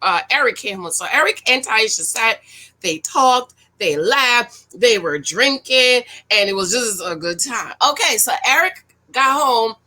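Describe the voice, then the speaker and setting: A woman talks in a high, bright voice, recapping a show in a loose, chatty way. She speaks frankly and with energy, and often turns to give pointed advice to women. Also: lively intonation, measured pace. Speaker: reality-show reviewer. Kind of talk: casual video commentary.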